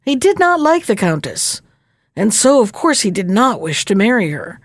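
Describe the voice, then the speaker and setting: A woman narrating a fairy tale in a gentle, measured reading voice. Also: medium pitch, very animated, dry recording, clean studio sound.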